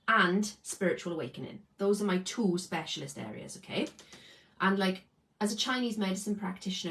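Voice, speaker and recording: A woman talks casually to her viewers about her healing practice, pitched a little low. She explains as she goes and keeps checking in with "okay?". Her tone is informal and unscripted. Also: poor audio. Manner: chatty, explains with lots of "okay?" tags. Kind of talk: casual talk to camera.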